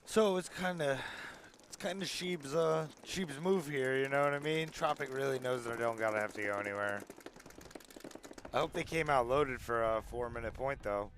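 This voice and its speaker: A man co-commentating a live paintball match in a relaxed, chatty way, often adding "you know what I mean". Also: medium pitch, normal speed, slight background noise.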